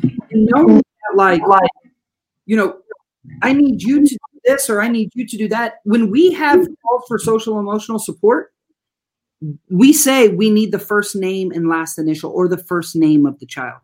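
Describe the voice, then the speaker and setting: A school staff member who works with children, telling stories in an interview in an animated, folksy way and addressing listeners as "y'all". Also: mid-range voice, normal speed. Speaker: school trauma-informed support staff. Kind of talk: storytelling in an interview.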